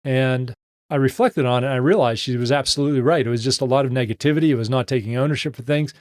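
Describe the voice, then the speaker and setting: A man's voice: mid-range voice, fast talker, no echo. Dry, close-miked man giving leadership advice. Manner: animated storyteller, acting out quoted dialogue. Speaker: host answering listener questions. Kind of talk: live Q&A advice talk.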